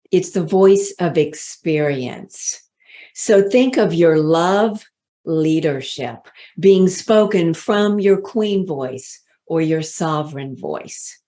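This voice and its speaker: Speaking as a voice coach on leadership, a woman with a fairly low-pitched, dark-toned voice motivates her listeners. Her pace is slow and deliberate, with words stretched out for emphasis.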